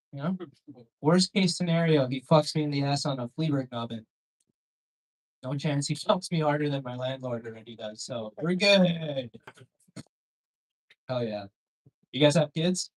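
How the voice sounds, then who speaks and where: A man's voice: mid-range voice, poor audio. A young man doing a crude, rambling stand-up set with crowd work on a comedy club stage, on a handheld mic.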